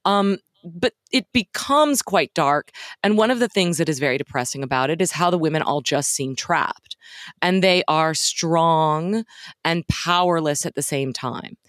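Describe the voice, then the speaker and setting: A woman's voice: sits low, unhurried, dry recording, studio quality. A woman co-hosting a podcast, talking through a film in a thoughtful, analytical way, with some frank swearing. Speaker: podcast co-host. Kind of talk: casual film discussion.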